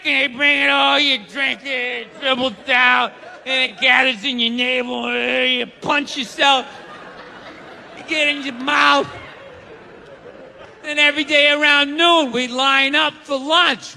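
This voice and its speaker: A man doing a live stand-up set, ranting loudly with lots of profanity in a large theater. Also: extremely high pitch, little pitch movement, a little slow, gravelly, a little hiss or hum. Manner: loud ranting delivery with profanity. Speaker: stand-up comedian. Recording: live theater recording with long reverb and faint crowd.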